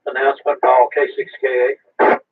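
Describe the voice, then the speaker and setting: A man's voice: medium pitch, flat delivery, moderate pace, slightly rough. A man calling into an amateur radio net with an announcement, speaking briefly and using radio procedure words. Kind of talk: radio transmission check-in. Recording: phone-like radio transmission.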